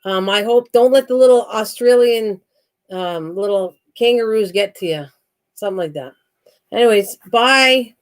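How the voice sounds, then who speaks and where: A woman hosts a casual crafting live stream and chats away in a teasing, playful way. Her voice sits at an ordinary middle pitch, and she laughs easily between remarks. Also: moderate pace, dark tone. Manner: chatty and teasing, laughs often.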